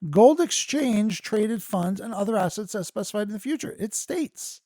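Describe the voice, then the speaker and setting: A man hosting a podcast, reading news articles aloud and breaking into profane, excitable asides. His voice turns squeaky when he gets worked up. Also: normal speed, hardly any pauses, dry recording. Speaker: podcast host.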